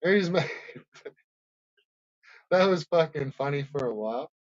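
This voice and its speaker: Man, casual sweary commentator, a bit high-pitched, lo-fi sound. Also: animated, measured pace, no echo. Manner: profane, rambling, laughs often.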